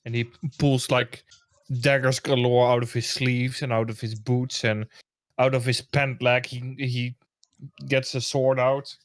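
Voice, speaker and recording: A man playing a tabletop role-playing game in a casual, halting way, searching aloud for his words. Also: medium pitch, little pitch movement, no echo, clean studio sound. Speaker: player.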